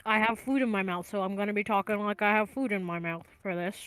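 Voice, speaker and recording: A woman's voice: mid-range voice, fast, a bit bright, clean tone, no echo. A woman playing a tabletop game, joking playfully as she describes her character. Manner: playful, jokey. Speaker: player.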